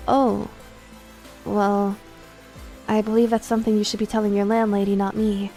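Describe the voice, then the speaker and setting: A woman voicing a stern young nun who answers in a flat, measured, deadpan way, reading a game's dialogue on stream. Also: medium pitch, faint music behind, close to an everyday voice, poor audio.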